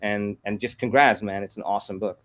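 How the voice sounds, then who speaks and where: A man, a guest on an interview podcast, telling lively anecdotes and acting out the quotes. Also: on the low side. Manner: fast, animated anecdotes with acted-out quotes. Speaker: guest, comics company executive. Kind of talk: casual interview storytelling.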